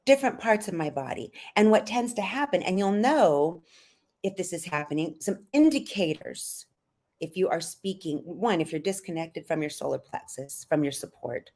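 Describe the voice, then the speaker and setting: A middle-aged woman voice coach teaching on a podcast, calm and earnest, explaining breathing step by step. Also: lowish voice, moderate pace.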